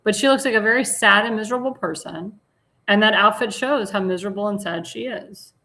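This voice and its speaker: A woman hosting a commentary show in a bright, forceful voice at an ordinary pitch. She talks bluntly and with indignant scorn. She rambles and sometimes trails off while searching for a word. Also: brisk. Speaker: talk show host. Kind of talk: opinionated commentary on slides.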